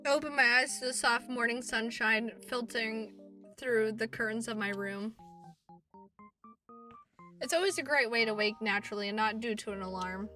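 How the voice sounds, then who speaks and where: A woman streamer reading a visual novel aloud and reacting, expressive, swearing and laughing at herself. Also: fairly high pitch, moderate pace, recorded from a distance, soft background music. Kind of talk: game playthrough, reading and reacting.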